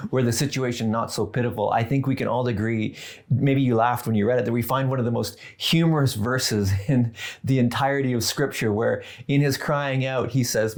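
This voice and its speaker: Male pastor, mid-pitched, earnest and conversational sermon delivery, light humor. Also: creaky, a little mellow.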